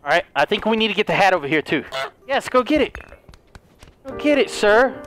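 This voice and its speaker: A man giving excitable let's play commentary, yelling, gasping and talking in first person as the character he plays. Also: sits high, fairly quick, soft background music. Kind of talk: gaming commentary.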